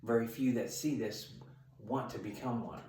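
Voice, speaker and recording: A man's voice: mid-range voice, normal speed, a little mellow, a little hiss or hum. A middle-aged man, a corrections sergeant, giving blunt, emphatic training advice to camera. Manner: blunt, emphatic, tough-talking. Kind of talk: instructional talk to camera. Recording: roomy sound, mic at a distance.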